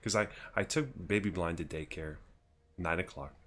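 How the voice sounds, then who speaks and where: A man's voice: deep voice, normal speed, fairly bright tone. A man in his thirties casually telling a rambling story on a gaming livestream, laughing and restarting often. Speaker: streamer.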